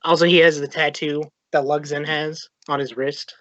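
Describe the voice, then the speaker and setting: A man describing his character's actions in a tabletop game, talking loosely and laughing often. His voice is a little high, recorded dry and slightly dull. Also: level tone, moderate pace, a bit bright, dry recording. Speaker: player. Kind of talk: casual chat, tabletop game.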